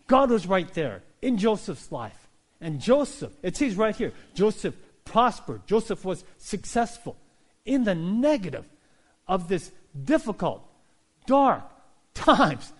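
A male pastor preaching a sermon, telling stories in an animated way and acting out characters. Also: high-pitched. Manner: animated storytelling, voicing characters.

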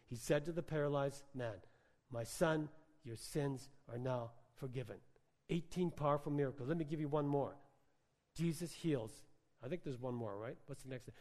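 A man preaching a sermon in a conversational, animated storytelling way, full of filler words. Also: a little high. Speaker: pastor. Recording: long hall reverb.

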